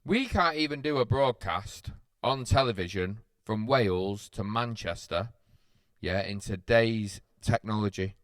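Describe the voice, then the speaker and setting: A man co-hosting a podcast, making wry deadpan quips and telling stories slowly. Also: fairly low pitch, no room sound. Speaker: podcast co-host. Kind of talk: casual chat.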